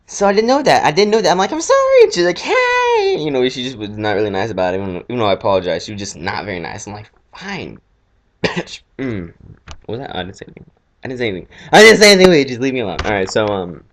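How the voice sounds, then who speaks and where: A teenage boy from Sacramento rambling casually to the camera, jokey and animated, squealing when he acts out what others said. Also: lowish voice. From Sacramento, California. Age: teens. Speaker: vlogger.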